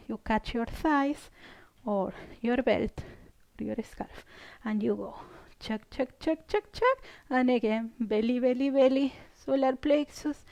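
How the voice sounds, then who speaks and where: Woman over 50, unhurried, slightly high voice, gentle yoga cueing, soft whispers. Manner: gentle cueing with frequent "yeah?" checks, some whispered counts. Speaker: yoga instructor. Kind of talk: guided yoga class instruction.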